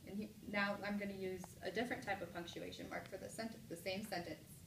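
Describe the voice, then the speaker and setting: A woman's voice: medium pitch, steady tone. Woman teacher in an echoey classroom. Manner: clear, encouraging teacher prompts, slow exaggerated read-aloud examples. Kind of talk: classroom mini lesson. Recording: echoey room from a distance, light noise.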